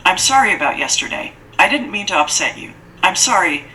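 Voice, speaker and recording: An earnest, lonely schoolgirl from an audiobook, eager to please and quick to apologize, as a woman reader puts her on. Her voice is lifted high and childlike, with a bright edge. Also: very animated, a little hiss or hum, low-quality recording. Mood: pleading. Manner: pleading, apologetic, raised childlike pitch.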